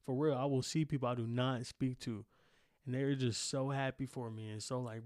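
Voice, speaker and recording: A young man hosting his own podcast alone, ranting in a boastful, profane and animated way. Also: mid-range voice, quick pace, dry recording, studio quality. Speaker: podcast host. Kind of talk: solo podcast rant. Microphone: single studio microphone.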